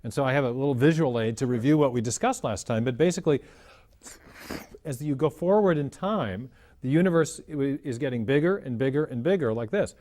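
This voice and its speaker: A man explaining cosmology in a measured lecture style, often restarting his phrases as he works through an idea. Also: mid-range voice, lively intonation, warm tone.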